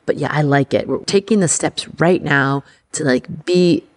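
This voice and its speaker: A woman hosting an astrology podcast, talking in a chatty, excitable way full of "like". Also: low-pitched, moderate pace. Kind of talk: casual podcast monologue.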